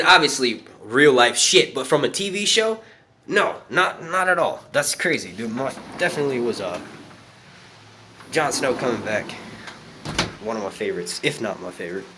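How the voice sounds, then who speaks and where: A man hosting a casual live stream, animated and swearing a lot as he reads out chat comments. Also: mid-range voice, slight background noise. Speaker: youtube live stream host.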